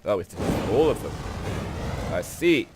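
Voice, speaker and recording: Very animated and at a moderate pace, this let's play host has a medium-pitched voice made stuffy and nasal by a cold, with background noise behind him. The young man rambles through casual commentary while gaming, joking and swearing freely, now and then.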